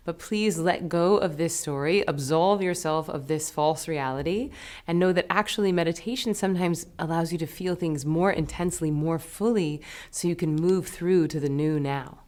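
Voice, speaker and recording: A woman teaching a meditation lesson, talking in a gentle, soothing, unhurried way. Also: deep voice.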